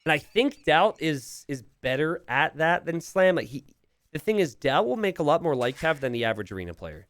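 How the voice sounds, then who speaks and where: A young man from Pennsylvania casts a strategy game on a livestream, his fairly high, fairly bright voice brisk and very animated, with no room sound. He rambles casually and chats with his viewers.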